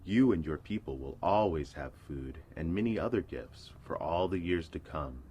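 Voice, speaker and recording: A man voicing a gentle, weary old male eel who was once a king, speaking slowly and softly. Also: rumbling low, expressive, slight background noise. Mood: tender. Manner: slow, soft and kindly. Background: music.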